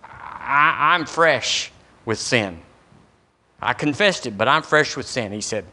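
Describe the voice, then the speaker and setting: A man's voice: medium pitch, lively intonation, slow pace, sharp tone. A middle-aged man preaching a sermon as pastor, folksy and acting out little dialogues. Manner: folksy, acts out dialogues with God.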